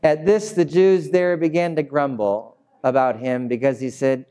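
A man preaching a sermon as pastor, animated and playful, acting out little scenes as he goes. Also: on the high side, moderate pace, smooth.

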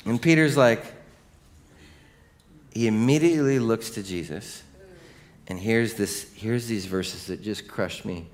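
A middle-aged male pastor with a nasal voice, preaching animated, jokey sermon stories that drop to hushed earnestness. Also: on the low side, a little slow, pauses often.

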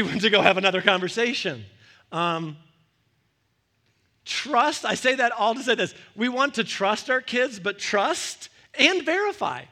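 A middle-aged man preaching with a high, bright voice. He tells stories animatedly, acts out the voices of the people in them and often repeats his words as he goes. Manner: animated storyteller, acts out dialogue, repeats phrases. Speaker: pastor. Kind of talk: sermon storytelling.

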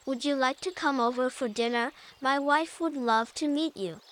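A woman's voice: high-pitched, moderate pace, a bit bright. Woman doing a foolish, eager-to-please crocodile. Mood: agreeable.

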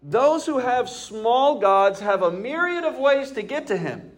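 A man's voice: very high-pitched, lively intonation, measured pace. A man preaching a sermon as pastor, conversational and emphatic, posing rhetorical questions to his congregation.

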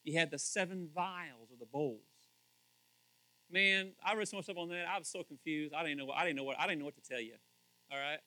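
A man's voice: a little high, a little fast, pushed and bright, no echo, rough recording. Man, pastor, casual sermon, conversational, asks listeners questions, dry close sound. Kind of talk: casual sermon, Bible teaching.

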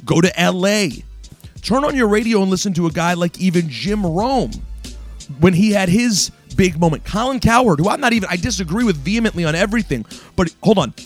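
A man's voice: sits high, expressive, brisk, faint music behind. A man hosting a sports talk radio show, delivering an emphatic, opinionated monologue straight at his listeners. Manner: emphatic, ranting, addresses listeners directly.

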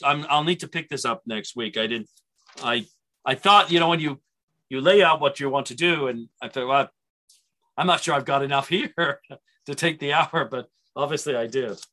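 A man's voice: mid-range voice, sharp tone. A man teaching a church Bible seminar in a conversational way, with frequent restarts and asides.

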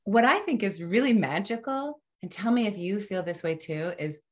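A woman in her fifties hosting a casual podcast conversation, reflective and animated, often trailing off and restarting. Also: medium pitch, normal speed.

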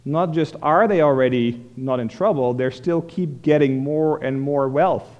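Man, preacher, expository sermon, mid-pitched voice, long hall reverb. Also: unhurried, a little mellow, dull audio. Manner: expository, explains verse by verse with restarts.

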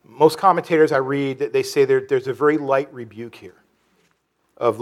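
This sermon comes from a pastor whose earnest delivery halts often, with frequent fillers and restarts. Sorrowful lines pull his voice low and soft.

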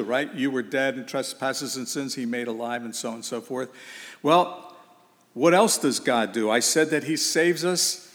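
A man's voice: medium pitch, a bit bright. Man preaching in a reverberant hall. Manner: rhetorical questions, repeats phrases for emphasis. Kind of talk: sermon.

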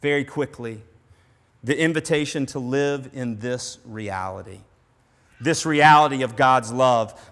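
A man preaching a sermon in earnest, dropping to a hush on some lines and rising to emphasis on others. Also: fairly high pitch, expressive, normal speed. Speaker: pastor. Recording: long hall reverb.

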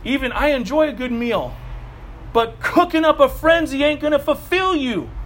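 A man's voice: very high-pitched, moderate pace, fairly bright tone. A middle-aged male pastor preaching a sermon in a fired-up, conversational way with casual asides.

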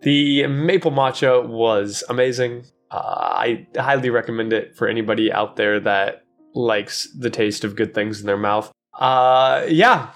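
A man co-hosting a casual podcast, talking in an animated, joking way with frequent restarts and fillers. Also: mid-range voice, unhurried, faint music behind. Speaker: podcast co-host. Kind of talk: casual chat.

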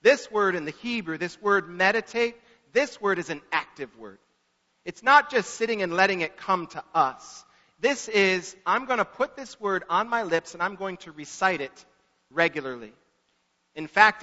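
A pastor preaching a sermon in an earnest manner, repeating words for emphasis. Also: male voice, high-pitched, expressive, normal speed, sharp tone. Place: church sanctuary. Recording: echoey church hall, dull lo-fi.

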